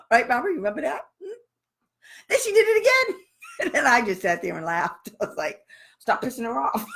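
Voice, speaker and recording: Sassy, blunt woman who laughs a lot. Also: medium pitch. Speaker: special education advocate and trainer. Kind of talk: live online training, casual and chatty.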